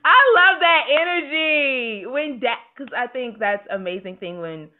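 A woman in her twenties hosting a podcast, chatting in a relaxed way and pausing often with fillers like "um". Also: sits high. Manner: relaxed, hesitant with many fillers. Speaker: podcast host. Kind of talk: casual interview chat. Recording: tinny phone-like line.

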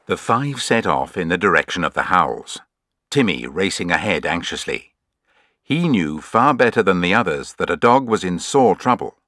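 A man reading scripted storybook narration in an expressive, measured way. His voice sits fairly low yet rises and falls a lot. The sound is dry and close. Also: dry recording.

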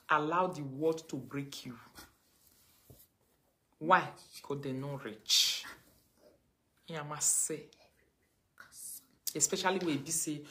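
A Nigerian woman ranting on a livestream, mocking and scolding, her voice swinging between loud outbursts and low mutters. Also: normal speed, pauses often. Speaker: livestream host. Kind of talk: casual livestream rant.

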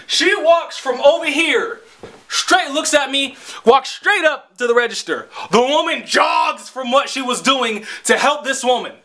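A man's voice: very high-pitched, expressive, unhurried, pushed and bright. A young man telling a long, profane, exasperated story as a vlogger. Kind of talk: casual storytelling rant.

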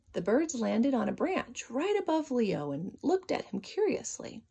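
A woman's voice: on the high side, a little slow, vocal fry, few pauses, slightly rough, muffled recording. Sing-song woman reading a storybook. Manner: expressive, sing-song narration.

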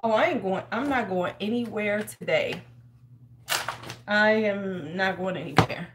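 A woman's voice: medium pitch, unhurried, background noise. A woman hosting a casual beauty livestream from her home, chatting, greeting viewers by name and talking to herself as she works. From United States. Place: home in winter.

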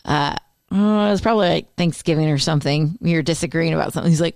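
A woman co-hosting a podcast, chatty and quick to laugh, telling stories in casual conversation. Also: low-pitched, a little mellow, no room sound, studio quality. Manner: chatty, laughs often, storytelling. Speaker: podcast co-host. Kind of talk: casual chat.

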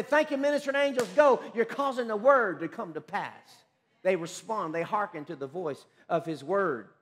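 A man pastor preaching a sermon, quoting scripture rapidly, calling on the congregation to repeat after him, and breaking into excited shouts. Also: sits high. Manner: emphatic preaching with rapid scripture quotes and call-and-response.

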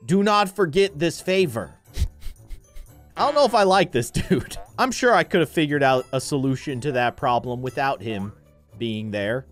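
A man's voice: medium pitch, measured pace, soft background music. A man hosting a gaming video, giving playful, joking commentary as he plays. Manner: animated, joking, mock-annoyed.

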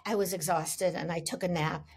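A woman speaking as an interview guest, telling stories in an animated, emphatic way, repeating her key phrases and acting out the dialogue she quotes. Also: lowish voice, normal speed, slightly rough. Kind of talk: conversational storytelling.

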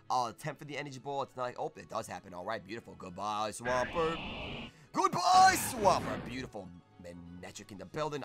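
A young man streaming live gameplay, talking through his moves and breaking into shouts when things go his way. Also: medium pitch. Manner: excitable, bursts into shouts.

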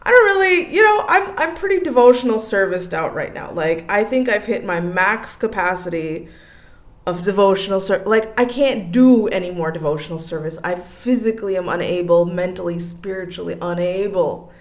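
A woman's voice: mid-range voice, animated, moderate pace. A young woman hosting a casual solo podcast, chatting with lots of likes and you-knows and laughing often. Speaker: podcast host.

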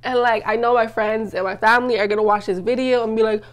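A woman's voice: a little high, steady tone, fast talker, hardly any pauses. Young female vlogger, confessional to camera, emotional, chatty with lots of "like". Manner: emotional, tearful at times, frequent "like" fillers. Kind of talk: personal life-update vlog.

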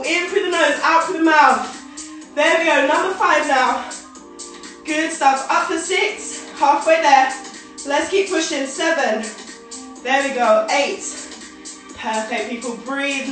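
This young woman's voice is extremely high-pitched with a fairly bright tone, and she's leading a live workout, breathless as she counts reps and cheers everyone on. She keeps things upbeat and encouraging, calling out counts and cues. A far-off mic picks her up in a very echoey space.

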